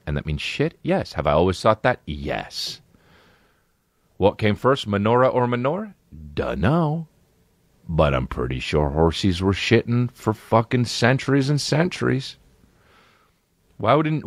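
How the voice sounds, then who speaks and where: A man's voice: low-pitched, no echo. A man rambling through a crude comic monologue with a musing, profane manner. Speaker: comedian.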